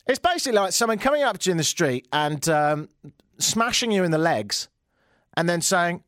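A man's voice: high voice, animated, moderate pace, a bit bright, no room sound, clean studio sound. Sarcastic man ranting. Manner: sarcastic, mocking, jumps into silly put-on voices. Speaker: comedy show host. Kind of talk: comedic rant on tech news.

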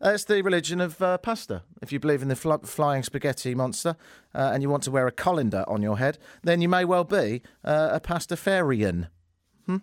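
Sarcastic British radio host, very lively. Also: male voice, fairly high pitch, brisk, no room sound, clean studio sound. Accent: British English. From Britain. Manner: sarcastic, animated, mock-outraged rants. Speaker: radio talk show host. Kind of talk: comedic radio monologue. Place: radio studio. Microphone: studio microphone.

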